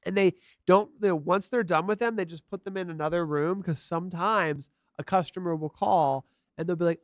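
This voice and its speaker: A man's voice: high-pitched, normal speed, no room sound, clean studio sound. A man co-hosting a live streaming tech podcast, explaining hardware in casual, enthusiastic chat. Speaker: podcast co-host.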